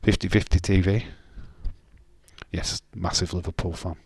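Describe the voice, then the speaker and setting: A man's voice: low-pitched, flat delivery, measured pace, creaky, a little mellow, breathy edge, no echo. A man, casually chatting on a live stream and bantering with chat comments, swearing now and then.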